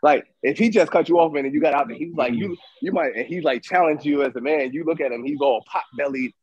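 A man co-hosting a casual debate chat, telling animated stories and acting out what others said. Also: fairly high pitch, quick pace, husky, no room sound, lo-fi sound. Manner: animated storytelling, acts out quoted voices. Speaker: podcast co-host.

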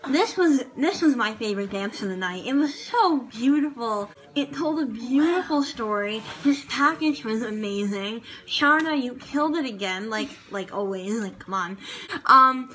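A woman with a bright, fairly high voice gushes her way through a casual vlog review. She rambles, piles on fillers and keeps circling back to how much she loved things. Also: animated, normal speed, poor audio. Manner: gushing and rambling, many fillers. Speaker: vlogger reviewing a TV dance show.

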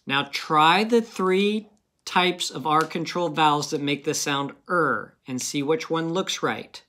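Guy teaching kids phonics, slow and patient, super encouraging. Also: on the high side, sharp tone. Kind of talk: phonics lesson for young children.

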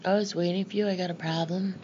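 A woman's voice: fairly low pitch, fairly even intonation, fast, a little mellow, dull audio, a little hiss or hum, close to an everyday voice. A woman reading the lines of an unhappy schoolboy who struggles in class and pleads and pouts. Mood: pleading. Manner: pleading, pouting.

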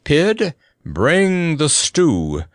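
A man voicing a gloomy, dignified old knight with a high, hoarse voice and archaic, stately speech in an audiobook. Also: very animated, takes it slowly, no echo, clean studio sound. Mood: commanding. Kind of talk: audiobook character voice.

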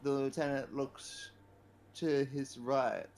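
A man in a casual let's-play, reading game narration aloud slowly and hesitantly. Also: mid-range voice, level tone, a little mellow.

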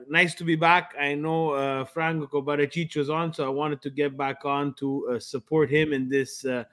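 A man's voice: medium pitch, a bit bright. A man co-hosting a casual podcast, loose and hyped-up in his banter. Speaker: podcast co-host.

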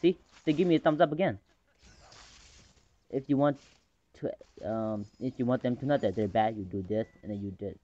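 A man casually commentating his own game match, rambling between calls and excitable in fights. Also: mid-range voice, moderate pace, pauses often. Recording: dull lo-fi recording.

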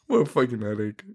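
A man co-hosting a podcast, casually recapping a film with lots of swearing, laughter and mocking quotes. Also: mid-range voice. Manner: profane, laughing, rambling recap with mock quotes. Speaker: podcast co-host. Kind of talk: casual chat recapping a movie.

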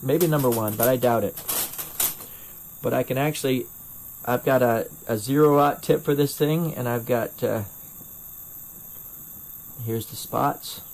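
A middle-aged man with a North Carolina accent chats through a live glassblowing demo at a mid-range pitch. He rambles, restarts his sentences and makes fun of himself as he answers viewers. The sound comes from a first-person camera mic at his home torch bench. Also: a little slow, long pauses, a little mellow, slight background noise. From North Carolina, USA. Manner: rambling and self-deprecating, with frequent restarts. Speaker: glassblower streaming torch demos.

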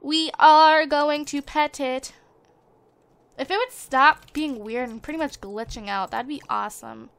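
A young woman hosts a casual let's play, chatty and quick to gasp with excitement. Her voice sits high and sounds bright and forceful, recorded dry and close on a desktop microphone. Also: no echo. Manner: chatty and excitable, gasping at surprises. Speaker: gaming channel host. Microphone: desktop USB microphone.

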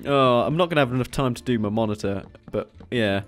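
A man's voice: medium pitch, fast talker, soft background music. A man from Wales, co-hosting a building game video with jokey, self-mocking banter. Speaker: gaming video co-host. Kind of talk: casual gameplay chat.

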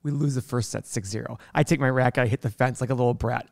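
A young man co-hosting a podcast, telling animated, fast stories in casual chat, laughing often and swearing freely. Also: medium pitch, creaky, dry recording. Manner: fast, animated storytelling, acting out quoted people. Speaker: podcast co-host, investor.

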